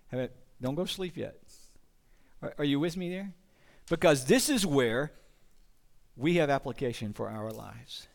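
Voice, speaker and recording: A male pastor preaching a sermon to a congregation, earnest and often asking the listeners questions. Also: fairly high pitch.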